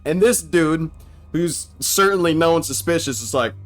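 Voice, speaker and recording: A young man giving casual, excited commentary on an old film, slangy, swearing and laughing often. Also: on the high side, a little slow, faint music behind. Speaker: movie reaction commentator.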